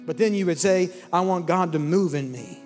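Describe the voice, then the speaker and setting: A man's voice: sits high, normal speed. A man preaching as a pastor, telling a story and leading an altar call, impassioned and at times almost singing his words. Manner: impassioned, rising to near-singing fervor. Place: large church hall with congregation. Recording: long hall reverb with soft music and crowd.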